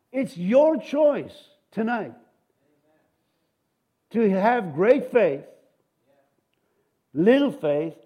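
Preaching a sermon, a middle-aged man speaks in a high voice, full of energy. Cheers and amens burst out, and he tosses in jokes between his points.

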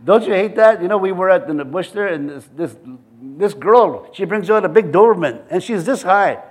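Man preaching, high voice, church sermon, chuckles between scripture readings. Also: lively intonation, normal speed, breathy edge. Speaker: pastor.

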